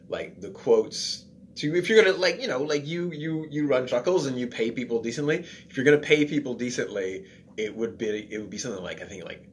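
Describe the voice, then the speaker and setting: Male guest, mid pitch, rambling self-deprecating chat full of restarts. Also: slight background noise. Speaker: guest, comedian and writer. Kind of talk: casual chat.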